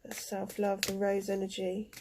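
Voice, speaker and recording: A woman giving a spiritual card reading, emotional and halting, with many fillers. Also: medium pitch, completely flat delivery, noisy background. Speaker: tarot card reader.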